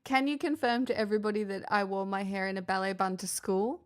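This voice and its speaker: A woman's voice: medium pitch, steady tone, fast talker. A young woman streaming a game, bantering playfully with her sister and laughing often. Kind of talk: live game stream chat.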